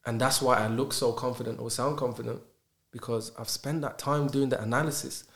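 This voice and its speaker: A man, a podcast guest talking in animated casual conversation and stacking rhetorical questions. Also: medium pitch, brisk. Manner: emphatic, rhetorical questions, acts out dialogues.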